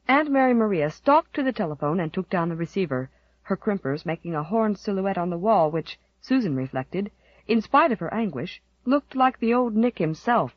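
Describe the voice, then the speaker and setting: A woman narrating an audiobook with expressive, dramatic storytelling. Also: medium pitch, no echo, lo-fi sound. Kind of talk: scripted narration.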